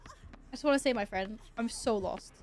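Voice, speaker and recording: A woman streamer giving live commentary on a horror game, excitable, swearing and shrieking with laughter when chased. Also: fairly high pitch, moderate pace.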